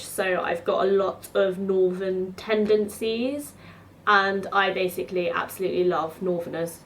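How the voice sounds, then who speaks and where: A woman in her twenties from England, chatting casually to camera and acting out both sides of conversations in quick bursts. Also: medium pitch, slight background noise. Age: 20s. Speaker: vlogger. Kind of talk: casual storytelling vlog. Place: her home.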